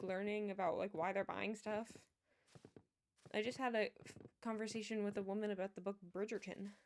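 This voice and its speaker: A young woman streamer chatting casually, rambling with lots of fillers and restarts. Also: mid-range voice. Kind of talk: casual chat.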